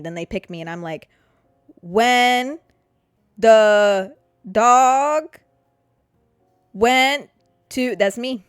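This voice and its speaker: A woman's voice: fairly low pitch, no echo. A young woman, hosting a solo podcast in a candid, rambling, casual way, full of "like" and the odd swear word. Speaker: podcast host.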